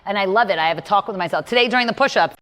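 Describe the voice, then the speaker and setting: A woman's voice: medium pitch, rapid-fire, a bit bright, long reverb tail. A woman giving a motivational talk as a mindset coach, blunt and emphatic, with a lot of "like".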